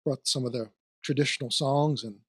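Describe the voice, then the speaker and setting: Hosting a casual podcast interview, a man from near Trenton, New Jersey, speaks with a Philadelphia-area accent and rambles with fillers and restarts. His mid-range voice is a little fast, a bit bright, and husky, captured in a clean studio with no room sound.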